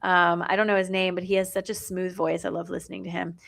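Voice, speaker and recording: Gravelly-voiced chatty woman co-host. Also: lowish voice, flat delivery, fast, a bit bright. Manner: chatty, reads viewer comments aloud. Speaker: co-host of a live stream. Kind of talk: casual live-stream chat.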